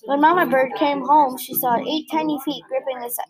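A woman reading a children's picture book aloud in a gentle, expressive way, with small slips. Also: high voice, a little fast, a crowd in the background, low-quality recording. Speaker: storybook reader.

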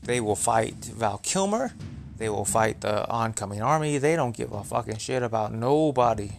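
A man's voice: medium pitch, animated, moderate pace, creaky, soft background music. A man hosting a podcast, recapping a movie in a rambling, profane, filler-heavy way. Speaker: podcast host.

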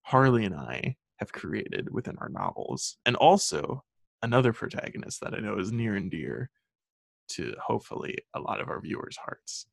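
A young man in casual podcast talk, rambling through his thoughts with plenty of "like" and "um". His voice has a gravelly edge, and it sounds dry and close. He's on a remote call mic. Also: lowish voice, sing-song, normal speed, no echo. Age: young adult. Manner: rambling, filler-heavy, laughs often. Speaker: podcast host. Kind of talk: casual chat.

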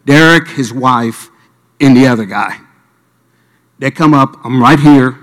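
A man from Miami tells a sermon story, acting out each voice in the scene. His mid-pitched voice carries a long reverb from a large hall. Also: a little slow, fairly bright tone. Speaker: preacher.

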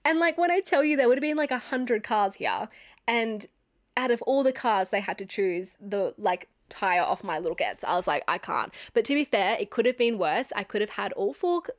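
A woman's voice: medium pitch, lively intonation, a little fast. Chatty Australian woman telling a story. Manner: chatty, swears freely, laughs often. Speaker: podcast host. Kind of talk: casual storytelling monologue.

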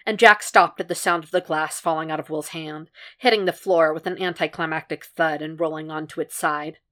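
This podfic reader, a woman with a lowish voice, narrates a piece of fan fiction. Her reading is measured and even, and the storytelling stays steady between the characters' lines.

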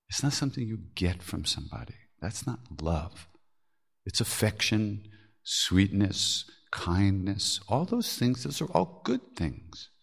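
Gravelly low-voiced man telling stories. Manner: frank and earthy, swears and laughs at himself. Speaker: podcast host telling spiritual stories. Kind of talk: candid storytelling talk.

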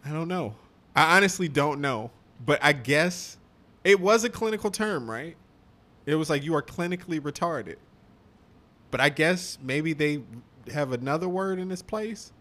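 A man's voice: a little high, a bit bright. A young man co-hosting a podcast, rambling in a loose, profane casual chat full of "like" and "man". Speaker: podcast co-host.

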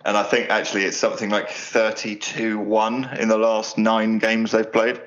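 Guy rambling about football, bright voice, muffled audio. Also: on the low side, completely flat delivery, moderate pace, slight background noise. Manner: rambling, laughing banter with lots of fillers. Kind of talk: casual football chat.

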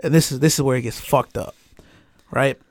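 Man, gravelly voice, dry close sound, animated casual storytelling. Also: medium pitch, moderate pace, no room sound. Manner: animated, swears often, heavy "like" fillers.

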